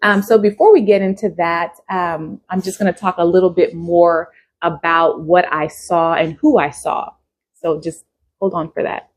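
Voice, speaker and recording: A woman's voice: lowish voice, fairly even intonation, normal speed. A woman YouTuber talking casually and directly to her viewers in a chatty vlog. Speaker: YouTube vlogger. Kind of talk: casual vlog talk to camera.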